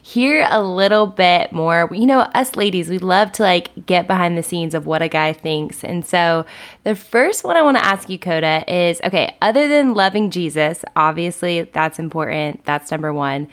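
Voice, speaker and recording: Chatty low-voiced woman podcast host. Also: moderate pace. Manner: chatty, lots of "like". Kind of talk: casual chat.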